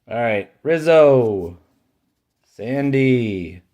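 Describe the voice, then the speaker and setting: A man casually commenting while he opens trading card packs, calmly listing each card and giving dry opinions. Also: slight background noise. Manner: unhurried, listing cards one by one, dry opinions; brightens and rises in pitch over favorite-team pulls. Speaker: card-collecting channel host. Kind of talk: casual pack-opening commentary.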